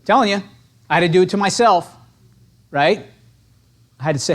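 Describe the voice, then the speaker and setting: Speaking in a high voice at normal speed, a man gives real estate agents a lively motivational training session. His style is punchy and conversational, peppered with frequent "right?" check-ins.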